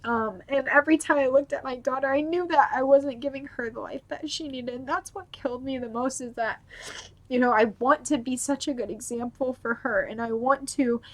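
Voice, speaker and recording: A woman's voice: high-pitched, brisk. A young mother sharing her faith testimony at home in a casual, rambling way, full of filler words. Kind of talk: personal testimony vlog.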